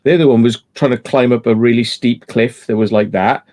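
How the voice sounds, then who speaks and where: A man in easy, rambling conversation on a live stream, cursing casually as he spins stories and urges viewers to subscribe. His voice sits at an ordinary pitch for a man. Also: steady tone, a little fast, mellow. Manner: laid-back, swears freely, rambling anecdotes. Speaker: livestream host.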